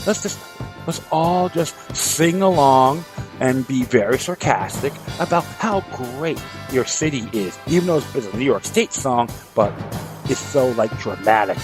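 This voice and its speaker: A man's voice: medium pitch, slightly rough, low-quality recording. A man hosting a political commentary talk show, sarcastic and fiery, rallying his listeners and repeating words as he starts sentences. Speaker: show host.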